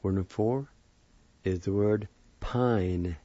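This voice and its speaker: A man giving a vocabulary lesson, spelling each word letter by letter and repeating the pronunciation slowly and carefully. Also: fairly low pitch, warm tone, no echo. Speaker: language teacher. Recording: dull lo-fi recording.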